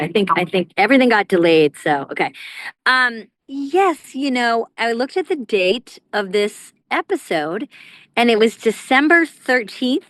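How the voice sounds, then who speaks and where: A woman's voice: a little high, sing-song, measured pace, a bit bright, no echo. A woman in her fifties, chatting wryly as a podcast guest from an airport, laughing easily. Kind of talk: casual podcast chat.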